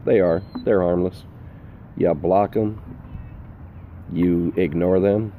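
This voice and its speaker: A man's voice: deep voice, fairly even intonation, slow, narrow, tinny audio, slight background noise. An older man, a full-time RV vlogger, giving earnest, emphatic safety advice outdoors, repeating his points. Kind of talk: casual outdoor vlog advice. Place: outdoors in the sun.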